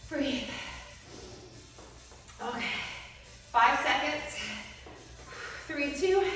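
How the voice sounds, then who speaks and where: A woman's voice: high-pitched, fairly bright tone, very echoey, far from the mic, poor audio. A woman fitness instructor, out of breath, calling short exercise cues through a workout and puffing between moves. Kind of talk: workout class cueing.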